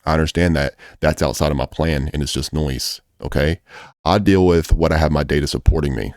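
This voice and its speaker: A man's voice: a bass voice, fairly even intonation, fairly quick, a little mellow, no echo, clean studio sound. A man coaching traders in a casual video, blunt and profane, hammering his points home by repeating them. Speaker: trading coach. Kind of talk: casual trading advice video.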